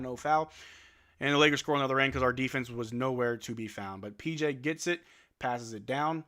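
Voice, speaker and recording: Bright-voiced young man calling a game. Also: medium pitch, fairly quick. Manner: laid-back, resigned, swears then apologizes. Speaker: live stream watch-along host. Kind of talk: casual fan play-by-play commentary.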